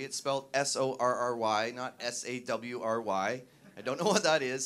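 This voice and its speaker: A man from Canada performing a stand-up comedy set in a self-deprecating way, halting with fillers and restarts. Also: medium pitch, fairly bright tone, smooth. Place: comedy stage before a live audience.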